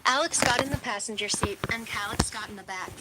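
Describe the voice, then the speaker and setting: A woman narrating an audiobook in a steady, even storytelling manner. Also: a little high, a little fast, very noisy.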